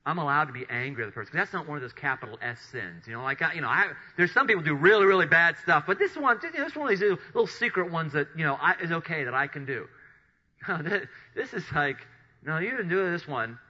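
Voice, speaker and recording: A man preaching with a high, very bright and forceful voice. He retells scripture as lively storytelling, slipping into the voices of the people in it. The recording sounds dull and lo-fi. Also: quick pace, slightly rough. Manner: animated storytelling, acting out Bible characters. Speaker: pastor. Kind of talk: sermon.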